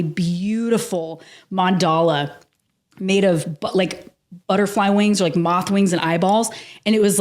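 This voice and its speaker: A woman guest on a podcast interview, telling a personal story in a lively, casual way, laughing often and swearing freely. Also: medium pitch.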